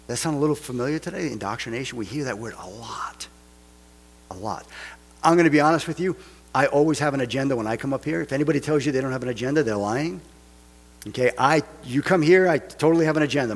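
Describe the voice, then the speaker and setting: A man with a husky voice preaches a casual sermon, tossing out rhetorical questions and wry joking asides. His voice carries through the long, lingering reverb of a large church hall. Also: medium pitch. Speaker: pastor.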